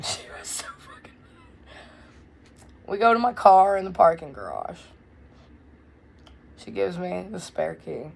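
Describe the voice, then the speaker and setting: A young woman telling a wild story in a casual, blunt, profane way, loud and animated. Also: lowish voice, vocal fry. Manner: blunt, profane, swears freely. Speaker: vlogger.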